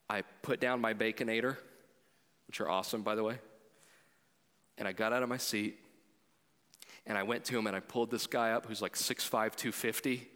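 A pastor preaching a sermon in a conversational way, moving between loud appeals to the congregation and quiet storytelling. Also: male voice, medium pitch, big-room sound.

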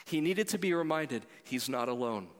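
A pastor preaching a sermon in a conversational way, moving between loud appeals to the congregation and quiet storytelling. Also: male voice, mid-range voice, lively intonation, normal speed, big-room sound.

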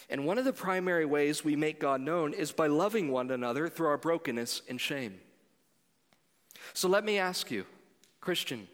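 A pastor preaching a sermon in a conversational way, moving between loud appeals to the congregation and quiet storytelling. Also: male voice, a little high, big-room sound.

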